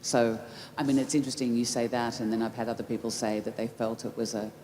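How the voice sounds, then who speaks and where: A woman's voice: extremely low pitch, flat delivery, fast, mellow. A woman answering audience questions at a festival Q&A, reflective, often restarting mid-thought. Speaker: festival Q&A guest. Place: large festival tent. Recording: roomy festival tent with background noise.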